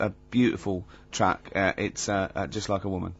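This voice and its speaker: A man's voice: low-pitched, fairly even intonation, normal speed, gravelly. A man hosting a radio show, telling stories animatedly and laughing often. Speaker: radio host. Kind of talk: radio banter. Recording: dull lo-fi radio recording.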